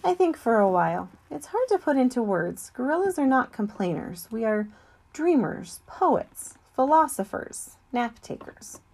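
A woman's voice: a little high, very animated, unhurried, darkish tone, pitched above the performer's own voice, full character voice. A woman voicing a thoughtful male silverback gorilla who speaks in a wistful, musing way.

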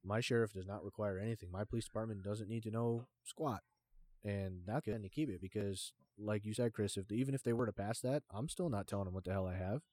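A man's voice: fairly low pitch, brisk, a little mellow, no echo. A man hosting a casual podcast who talks bluntly, swears freely and leans on fillers. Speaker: podcast host.

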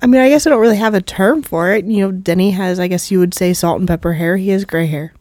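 A woman's voice: medium pitch, quick pace, a little mellow, no room sound. A woman joining a casual chat with teasing, dry humor.

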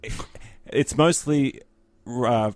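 A man's voice: medium pitch, extremely slow, dry recording. Dry-voiced man, rambling chat. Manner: laughing, rambling, trails off with ums. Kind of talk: casual chat.

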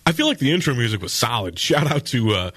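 A man's voice: mid-range voice, sing-song, fast, a bit bright, dry recording. A man in his thirties co-hosting a casual radio show and reading listener texts aloud in an upbeat way.

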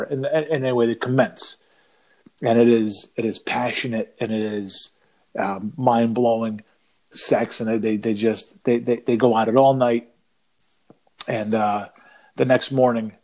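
A man co-hosting a podcast, rambling through a joke in casual chat, halting with restarts. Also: mid-range voice, fairly even intonation, a little mellow. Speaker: podcast co-host.

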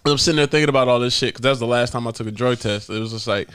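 A man's voice: mid-range voice, rapid-fire, a bit bright, smooth. A man hosting a podcast, telling stories casually, laughing often and swearing freely. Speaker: podcast host. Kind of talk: casual storytelling.

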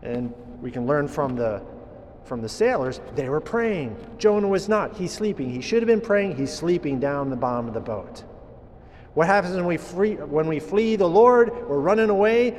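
A man gives a homily in an easy, chatty manner, stumbling and restarting his phrases as he goes. His voice sits a little high for a man. A long church reverb follows each word over a faint hum of noise. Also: animated, a little mellow. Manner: conversational, halting with many restarts. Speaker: priest.

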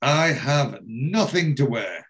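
A man's voice: mid-range voice, lively intonation, takes it slowly, a bit bright, slight background noise. A man voicing a bossy young woman with a foreign accent and broken English, speaking sharply. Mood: sulky.

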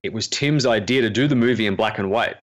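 A man's voice: fairly low pitch, fast talker. A man, a film director, chatting earnestly in an interview and telling stories with self-deprecating humor. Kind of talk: casual interview chat.

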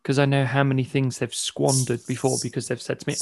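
A middle-aged man, hosting a casual podcast chat, croaky as he loses his voice. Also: mid-range voice, little pitch movement, fast talker, few pauses. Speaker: podcast host.

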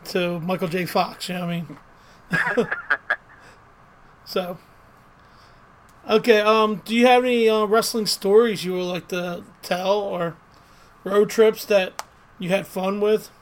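Man, podcast co-host, high-pitched, eager fan, chatty questions, laughs easily. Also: fairly even intonation, slow pace, long pauses. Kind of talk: casual podcast interview.

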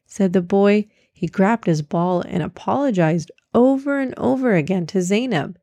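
Mulher lendo história infantil. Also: female voice, mid-range voice, animated, moderate pace, hardly any pauses, dark tone, dry recording, studio quality. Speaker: storyteller. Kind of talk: children's story read aloud.

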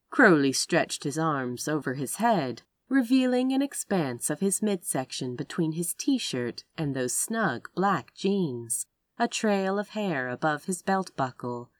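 A woman reading a romance story aloud as narrator, with expressive delivery. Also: a little slow, no echo. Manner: expressive narration with wide pitch swings. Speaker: audiobook narrator.

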